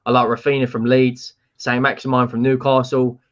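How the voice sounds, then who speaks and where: A man arguing about football in a blunt, animated way, often repeating himself. The sound is dull and lo-fi, like an online call. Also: medium pitch, normal speed. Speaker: football podcast panelist. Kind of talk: casual heated chat.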